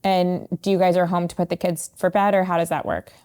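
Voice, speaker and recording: Fast chatty lady host, lots of "like"s, lowish voice. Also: level tone, a little mellow, smooth. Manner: quick, chatty questioning with many fillers. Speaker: podcast host. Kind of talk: casual interview chat.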